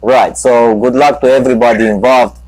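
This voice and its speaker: A man's voice: mid-range voice, steady tone, fairly quick, a little mellow, dry recording, rough recording. A man hosting a live talk show, telling a long rambling anecdote full of profanity and restarts. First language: Romanian. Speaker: talk show host and comedian.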